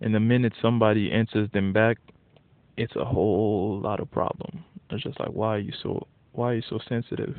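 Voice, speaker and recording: A man in a casual, profane ranting monologue, blunt and getting animated when worked up. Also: on the low side, a little fast, no echo. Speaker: vlogger. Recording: tinny phone-like dry audio.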